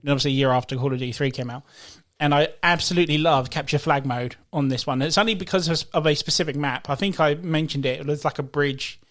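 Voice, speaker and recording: A man's voice: fairly high pitch, fast, hardly any pauses. A man co-hosting a podcast, telling stories in a casual chat among friends and laughing often. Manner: animated storyteller, laughs often. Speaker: podcast co-host.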